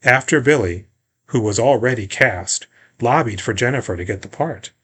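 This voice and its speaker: A man's voice: mid-range voice, moderate pace, slightly rough. A man co-hosting a casual movie podcast, telling gossip and griping about a film in a loose, profane way. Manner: gossipy, profane, animated storytelling. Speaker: podcast co-host. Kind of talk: casual movie-review chat.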